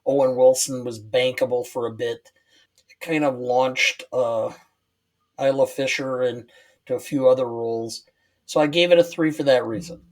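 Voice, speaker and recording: Brief: male panelist, mid-pitched, halting and searching for words. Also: steady tone, poor audio. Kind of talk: casual podcast chat.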